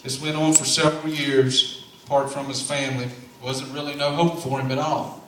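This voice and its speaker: A man's mid-range, slightly bright voice holds a level tone at normal speed as he narrates a Bible tale in a church play, drawling homespun lines with preacher-style asides. Recorded by a far-away camera in a large, strongly echoing sanctuary, it has slight background noise.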